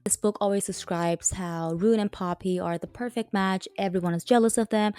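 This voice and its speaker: A woman's voice: mid-range voice, a little mellow, no echo. A woman reviewing a book in a sarcastic roast, swearing, with exasperated asides.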